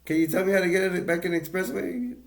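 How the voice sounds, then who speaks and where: A man's voice: sits high, fast talker, voice pushed up. A man voicing a bumbling suburban dad on a road trip, who speaks in an awkwardly polite way.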